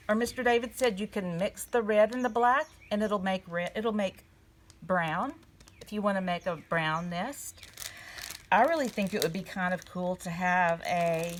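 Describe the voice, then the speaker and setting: A woman giving a gentle storytelling lesson to young children at a table. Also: a little high, slight background noise. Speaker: children's church teacher. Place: indoors at a table.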